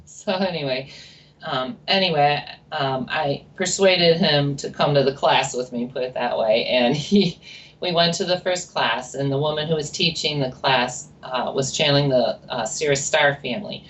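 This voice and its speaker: A woman's voice: low voice, normal speed. A woman guest telling her story in a chatty, rambling interview with many asides. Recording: distant mic with faint noise.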